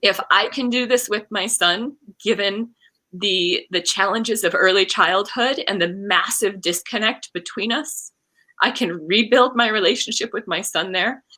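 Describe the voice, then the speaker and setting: A woman's voice: mid-range voice, a little slow, bright, forceful tone. A woman in her forties, a coach, telling a heartfelt personal story in an interview and acting out the quoted lines. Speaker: guest, coach and card game creator.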